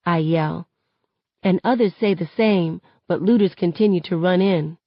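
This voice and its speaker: A woman reading a novel aloud in steady first-person narration that rises sharply on shouted lines. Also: on the low side, unhurried, dry recording. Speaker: reader. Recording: dull lo-fi, dry sound.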